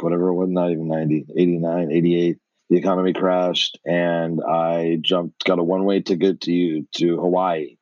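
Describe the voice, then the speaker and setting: A man's voice: deep voice, a little mellow, no room sound, dull audio. A middle-aged man from New York, a podcast guest telling his life story with blunt, profane energy.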